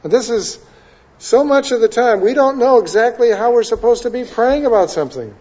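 Male pastor, high voice, conversational expressive sermon, dull lo-fi recording. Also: a little fast. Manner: conversational, expressive preaching with wide swings in loudness.

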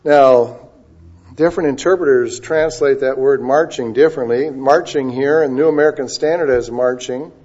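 Man preaching with dramatic loud-soft swings. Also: medium pitch. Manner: dramatic swings between loud emphasis and quiet asides; stretches key words slowly for emphasis. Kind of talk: sermon. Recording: dull lo-fi recording.

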